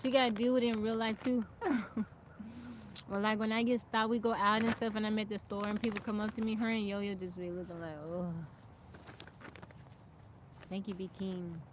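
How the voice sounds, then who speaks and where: A woman's voice: mid-range voice, level tone, a little fast, noisy background. A woman hosting a casual live stream outdoors, chatting and greeting viewers by name as they join, and thanking them. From America. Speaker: livestream host. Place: outdoors in nature.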